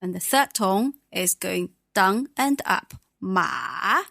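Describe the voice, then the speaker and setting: A woman, teaching the language patiently and modeling each sound clearly. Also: medium pitch, slow pace, fairly bright tone, dry recording, clean studio sound. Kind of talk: conversational language lesson.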